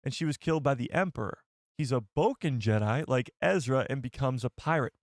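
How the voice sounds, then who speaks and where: A young man chats his way through a live stream, reading out viewer comments and laughing at his own slips. His voice sits at an ordinary middle pitch, and the sound is dry and close to the mic. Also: lively intonation, brisk, no room sound. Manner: chatty, reads viewer comments aloud, laughs at himself. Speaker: livestream host. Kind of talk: casual live chat.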